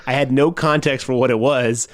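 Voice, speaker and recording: Male podcast co-host, jokey and animated, mid-range voice, recorded dry and close. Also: medium pitch, moderate pace, no echo. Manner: animated, jokey, breaks into laughter. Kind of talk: casual chat.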